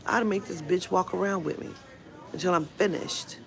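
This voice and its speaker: A woman's voice: lowish voice, normal speed, creaky. A woman vlogger telling a storytime rant in a blunt, profane way. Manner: blunt and profane, retelling a run-in. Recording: music playing under the voice.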